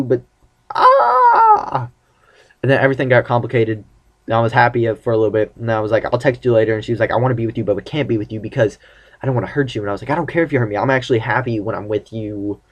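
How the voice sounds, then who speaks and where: In dull-sounding audio, a teen boy with a fairly low-pitched voice rambles through a casual vlog about his relationship. He performs the quoted lines of the conversations he recounts.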